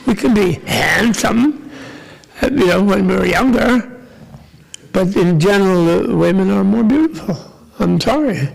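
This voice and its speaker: A man's voice: sits high, expressive, a little slow, creaky, husky, poor audio. An older man giving a casual, joking Buddhist teaching to a live audience, rambling with asides to the listeners.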